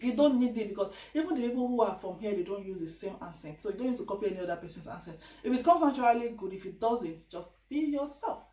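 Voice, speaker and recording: A woman's voice: medium pitch, fast, few pauses. Chatty Nigerian woman in echoey room. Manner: chatty, animated, quotes others in voices. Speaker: vlogger. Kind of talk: casual advice vlog. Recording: echoey room, distant mic.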